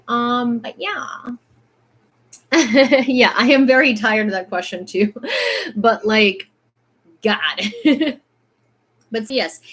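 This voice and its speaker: A woman's voice: medium pitch, fairly bright tone. Chatty Ukrainian woman streaming news. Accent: mildly American-sounding English. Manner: chatty and rambling, many fillers. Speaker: news livestreamer. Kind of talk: casual news commentary stream.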